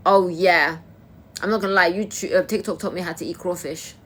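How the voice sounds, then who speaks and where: A woman's voice: on the low side, fairly even intonation, a little fast, fairly bright tone. A young woman from Kosovo chatting casually on a livestream, answering her viewers' comments as they come in. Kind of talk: casual live-stream chat.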